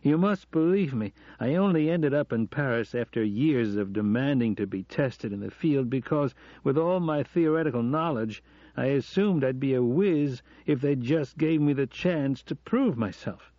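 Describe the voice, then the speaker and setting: A man's voice: medium pitch, animated, moderate pace, mellow, dry recording, voice pushed up, close to an everyday voice. A man reading an audiobook, voicing an American male professor who earnestly and self-deprecatingly confesses to the woman he loves, on a dull recording. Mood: pleading.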